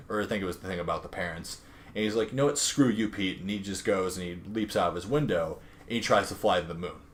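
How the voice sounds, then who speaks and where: Low-voiced man casually recapping a comic. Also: fairly bright tone. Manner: rambling, filler-heavy retelling with quoted dialogue. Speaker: podcast co-host recapping a comic. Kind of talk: casual chat.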